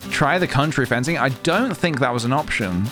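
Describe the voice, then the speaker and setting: A man's voice: mid-range voice, expressive, moderate pace, fairly bright tone. Giggly man chatting over game music. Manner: chatty, giggly, self-mocking. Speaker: streamer. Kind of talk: casual gameplay commentary.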